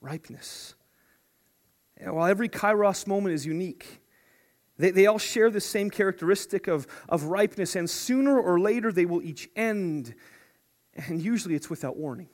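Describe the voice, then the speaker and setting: A high-voiced male preacher delivers a sermon to his congregation, speaking a little fast. Animated and playful, he sinks to a hush, then builds up to excited shouts.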